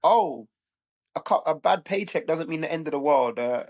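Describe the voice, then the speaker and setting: A man's voice: a little high, animated, normal speed, darkish tone. A man, a former footballer turned youth coach, talking bluntly and emphatically on a podcast and often checking in with "right?". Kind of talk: casual podcast conversation.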